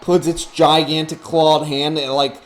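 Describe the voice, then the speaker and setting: A man's voice: on the high side, flat delivery, a little slow, faint music behind. Rambling man running a tabletop game. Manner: rambling, full of fillers. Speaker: game master.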